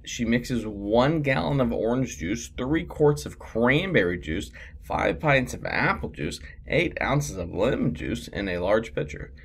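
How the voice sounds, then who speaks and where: A man's voice: mid-range voice, big pitch swings, unhurried, vocal fry, few pauses, a bit bright, a little hiss or hum. A man teaching a sixth grade math lesson in a casual, rambling, self-deprecating way, with lots of fillers, recorded at his computer.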